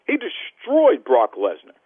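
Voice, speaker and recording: Brash, boastful podcast host playing a heel, lively and husky, phone-quality sound. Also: male voice, sits high, measured pace, dry recording. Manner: boastful, theatrical heel persona. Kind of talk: brash wrestling podcast talk.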